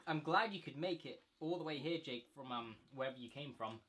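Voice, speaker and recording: A man's voice: medium pitch, fairly quick, noisy background. A young man hosting a casual chat with friends, teasing and mock-offended. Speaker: host.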